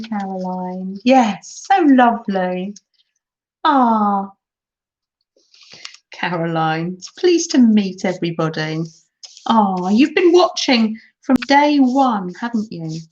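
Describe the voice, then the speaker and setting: A woman's voice: medium pitch, darkish tone. An older woman hosting a craft livestream, chatting affectionately with viewers and reading out comments in a gushing, exclamatory way. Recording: dull, lo-fi stream audio with faint noise.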